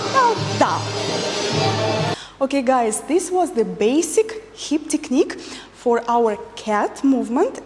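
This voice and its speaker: High, lively woman teaching dance. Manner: counts beats and gives instructions. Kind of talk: instructional dance class. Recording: long reverb with faint music.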